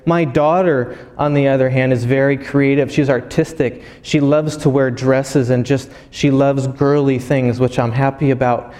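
A man's voice: medium pitch, fairly even intonation, normal speed, few pauses, mellow. A man in his thirties giving a sermon, earnest and personal, often restarting his phrases. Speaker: pastor. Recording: hall with long reverb.

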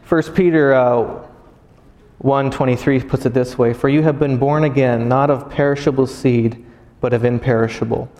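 A man's voice: medium pitch, mellow. A man in his thirties giving a sermon, earnest and personal, often restarting his phrases. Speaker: pastor. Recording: hall with long reverb.

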